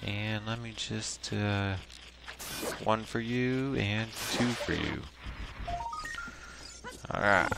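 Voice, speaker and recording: A man hosting a video game playthrough at home, chatting casually with sudden excited yelps. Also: fairly low pitch, drawn-out words, gravelly, pauses often, loud music behind the voice. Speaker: host.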